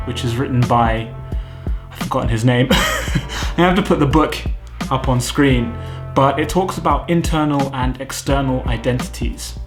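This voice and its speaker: A British man in his thirties, vlogging to camera in an earnest, self-critical way, thinking aloud at home. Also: mid-range voice. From United Kingdom. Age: 30s. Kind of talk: candid reflective vlog talk to camera.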